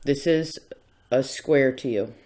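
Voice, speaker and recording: This tarot reader talks slowly in a mid-range, somewhat dark voice. His reading is casual and rambling, full of chatter, and he keeps interrupting his own thoughts.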